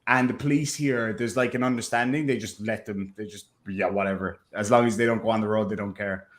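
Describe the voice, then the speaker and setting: A man's voice: on the low side, brisk. Chatty Irish man telling stories. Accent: Irish, softened by living in America. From Ireland. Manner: chatty storyteller, animated, slipping into impressions. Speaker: podcast co-host. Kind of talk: casual chat.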